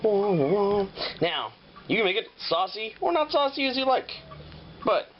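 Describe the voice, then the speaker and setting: A man's voice: high-pitched, big pitch swings, slow pace. A man hosting a casual home cooking show, rambling and swearing freely as he walks through the steps in his kitchen. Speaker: home cook and show host. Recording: dull lo-fi audio with clear noise.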